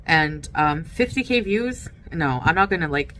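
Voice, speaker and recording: A woman's voice: low-pitched, expressive, a little slow, crowd noise. A woman content creator talking to her audience, hesitant and filler-heavy. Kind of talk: talking-to-camera vlog clip.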